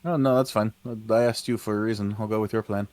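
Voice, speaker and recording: A man playing a tabletop game, easygoing and quick to go along. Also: fairly low pitch, steady tone, darkish tone, no room sound. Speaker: player. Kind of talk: casual tabletop play.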